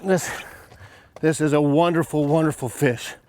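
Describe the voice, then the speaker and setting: Excited folksy fishing guide. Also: male voice, fairly high pitch, measured pace, a little hiss or hum. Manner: excited, folksy, talks to viewers. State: breathing hard. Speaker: fishing guide and show host. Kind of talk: on-water fishing commentary. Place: outdoors on a boat.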